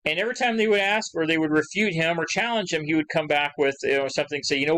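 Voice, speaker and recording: Animated, chatty male history lecturer. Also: a little high, fast talker, few pauses, low-quality recording. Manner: conversational, rambling with asides and fillers; acts out quoted questions with rising emphasis. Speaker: history teacher. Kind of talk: recorded lecture.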